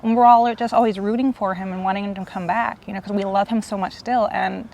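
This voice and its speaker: A woman's voice: mid-range voice, steady tone, fast, creaky, darkish tone. Earnest, emotional woman in her forties. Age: 40s. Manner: earnest, gushing, near tears. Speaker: host. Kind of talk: emotional fan tribute.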